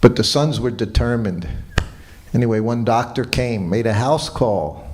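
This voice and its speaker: A man giving a morning lecture at a temple, telling a personal story in a relaxed way and quoting what people said. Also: medium pitch, unhurried. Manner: relaxed anecdotal storytelling with quoted dialogue. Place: temple hall.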